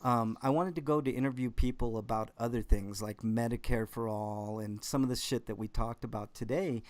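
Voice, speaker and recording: A man's voice: mid-range voice, fairly even intonation, a little fast, darkish tone, no echo. A man co-hosting a podcast, debating in casual chat, who stammers and restarts his sentences as he presses his point. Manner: interrupts often, stammers and restarts. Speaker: podcast co-host.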